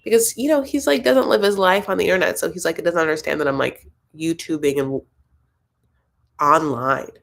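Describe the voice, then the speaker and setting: A young woman chatting on a casual live stream from home, wandering from thought to thought and reading out comments as they come in. Her voice sits fairly low and has a gravelly, fry-laden edge. She talks loosely and conversationally, with lots of fillers. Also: a little fast. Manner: chatty, rambling, reads viewer comments aloud. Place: home, Los Angeles.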